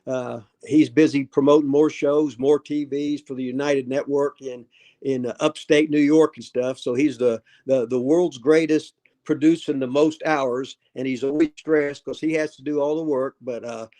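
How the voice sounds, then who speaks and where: Rambling gruff older man host. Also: mid-range voice, fairly even intonation, normal speed, mellow. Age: 70s. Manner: rambling, gruff, trailing off and restarting. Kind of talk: casual livestream chat.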